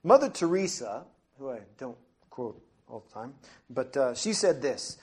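A man's voice: medium pitch, big pitch swings, measured pace, darkish tone. A male missionary preacher giving an earnest, emphatic sermon in a church, often stretching out key phrases.

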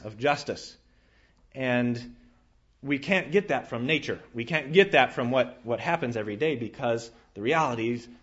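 An earnest male preacher delivering a sermon, his voice pitched in an ordinary middle range. He pushes up hard on emphatic lines, then sinks to quiet, low stretches, often circling back to restart a phrase. The recording is muffled and lo-fi. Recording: dull lo-fi sound.

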